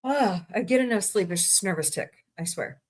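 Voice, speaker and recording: Lively intonation and a slightly fast pace mark this woman's medium-pitched voice as she hosts a casual livestream. She talks with viewers and reads good-news stories aloud, tossing in her own comments, while yawning now and then from fatigue.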